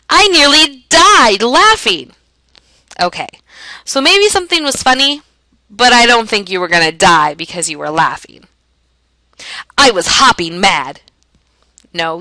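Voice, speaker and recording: A woman teacher explaining a lesson in a clear, emphatic way, asking and answering her own questions. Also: on the low side, pushed and bright, no room sound, low-quality recording. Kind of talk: classroom lesson narration.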